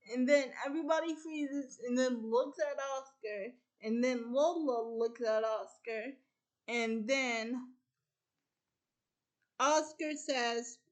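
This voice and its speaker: A woman with a high voice hosts a relaxed chat, slowly recounting the plot of a film. She links each event to the previous one with "and then" and frequently loops back to start a thought over.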